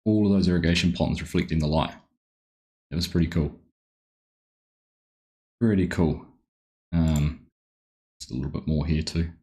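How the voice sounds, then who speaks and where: A man with a deep, low voice talks his way through a live game stream. He chats easily and greets viewers one by one. His talk wanders between the game and side topics. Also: fairly even intonation, normal speed, pauses often, warm tone. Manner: chatty, greets viewers by name, easily sidetracked. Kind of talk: casual live-stream commentary.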